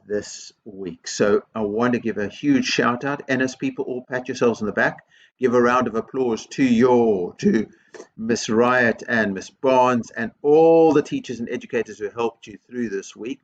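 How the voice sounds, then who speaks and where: A man's voice: medium pitch, breathy edge, dull audio. A man speaking as a headteacher in a school video assembly, earnest and encouraging, repeating his key phrases.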